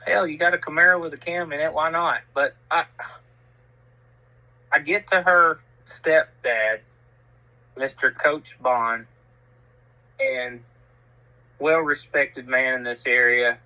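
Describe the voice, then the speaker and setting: A man's voice: on the high side, steady tone, takes it slowly, long pauses, dull audio. A man, telling a self-mocking story in casual chat and swearing freely. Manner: laid-back, laughs at himself, swears freely.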